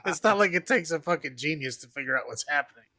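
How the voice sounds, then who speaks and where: A man's voice: on the high side, lively intonation, fast, pushed and bright, no echo. A man co-hosting a podcast, dropping dry sarcastic asides about a movie in casual chat. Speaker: podcast co-host.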